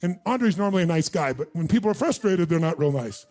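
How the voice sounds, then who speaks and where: A man's voice: on the high side, expressive, fast, a little mellow. A middle-aged man on stage, telling a story to a live audience as a motivational speaker and quizzing the crowd. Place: large event room.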